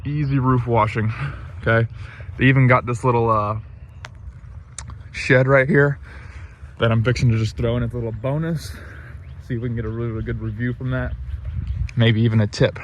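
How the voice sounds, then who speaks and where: A man, pitched right in the middle, narrates his workday in an easygoing, rambling way, full of ums and asides. He's recorded outdoors on a job site. A faint hiss of noise sits under his voice. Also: steady tone, moderate pace, pauses often, dull audio. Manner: laid-back, rambling, lots of ums. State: a bit out of breath. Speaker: pressure washing business owner. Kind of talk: casual vlog narration.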